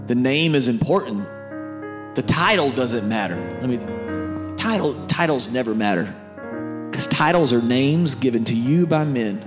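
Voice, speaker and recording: A man's voice: mid-range voice, expressive, normal speed, over music. Man preaching in conversational storytelling style. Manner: conversational storytelling, speaking to the crowd directly. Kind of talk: sermon.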